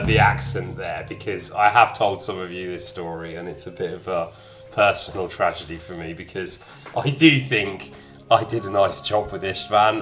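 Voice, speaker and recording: A man gives casual game commentary in a fairly low voice, rambling and self-mocking. He swears freely and jokes about his own work. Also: sharp tone. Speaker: streamer and voice actor. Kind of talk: let's-play commentary.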